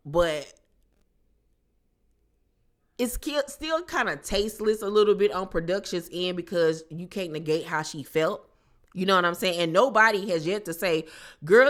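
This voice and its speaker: A woman's voice: lowish voice, fairly bright tone. A woman hosting a casual reality TV recap with a sassy, slangy, blunt manner. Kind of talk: casual commentary vlog.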